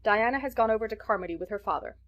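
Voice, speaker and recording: A woman's voice: medium pitch, expressive, rapid-fire, lo-fi sound, lightly acted. A woman doing a cold, curt, unforgiving mother. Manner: stiff and curt.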